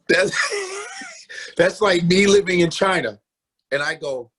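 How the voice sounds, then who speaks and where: A man's voice: high-pitched, slow, long pauses, slightly rough. A Nigerian-born man, a comedian guest, riffing loosely and profanely, acting out mocking voices. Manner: animated, swearing, acts out mocking voices.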